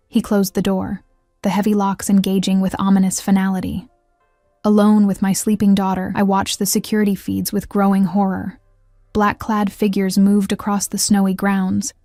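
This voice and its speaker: A woman reading first-person audiobook narration in an even, measured way. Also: medium pitch, no room sound, clean studio sound.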